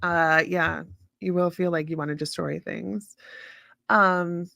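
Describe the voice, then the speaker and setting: A frank, no-nonsense woman chatting live with her viewers, her voice sitting a little low for a woman. She talks bluntly and swears freely, and the sound is close and dry with no room echo. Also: fairly even intonation, slow pace, gravelly, sharp tone. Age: adult parent. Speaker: host of a live chat stream. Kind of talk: casual chat with live viewers.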